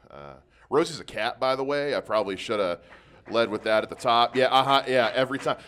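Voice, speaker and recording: A man's voice: mid-range voice, fairly quick, a bit bright. A man doing a stand-up comedy set, self-deprecating about his cat, dating and weight.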